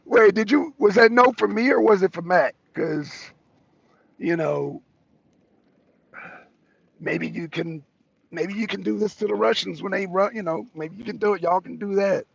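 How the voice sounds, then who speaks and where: Mocking male host, gravelly and husky. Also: sits high, normal speed, pauses often, dry recording, lo-fi sound. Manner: mocking, repeats himself for emphasis. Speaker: talk show host debating a guest. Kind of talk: casual live debate.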